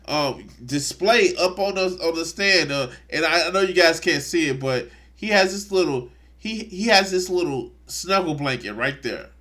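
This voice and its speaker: A man's voice: on the high side, animated, moderate pace, bright, forceful tone. A man streaming live, commenting on clips in a mocking, crude way. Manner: mocking, crude, bursts into laughter.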